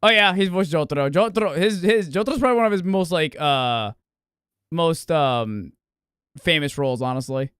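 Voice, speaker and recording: A man's voice: a little high, expressive, normal speed, fairly bright tone, smooth, no room sound, studio quality. A man streaming a game, chatting casually in a loose, profane, rambling way. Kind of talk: casual gaming stream chat.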